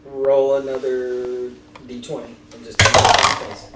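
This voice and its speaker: A man narrating as dungeon master with a relaxed, hesitant delivery full of ums. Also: mid-range voice, normal speed. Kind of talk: narrating a tabletop game. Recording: echoey room, distant mic, noisy.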